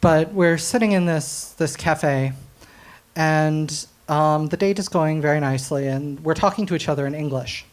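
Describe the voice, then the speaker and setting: A young American man doing stand-up storytelling on stage at a comedy night, animated, often laughing at his own jokes, with plenty of ums and uhs. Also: a little high, normal speed. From United States.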